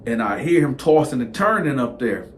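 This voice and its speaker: A man telling a personal story in a casual, animated, conversational way. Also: mid-range voice, normal speed, a little hiss or hum.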